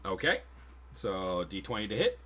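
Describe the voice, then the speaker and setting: Male game master, casual and profane, bright tone, animated delivery. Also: low voice, moderate pace, slight background noise. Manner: casual, swearing, laughs often. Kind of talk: narrating a tabletop game on stream.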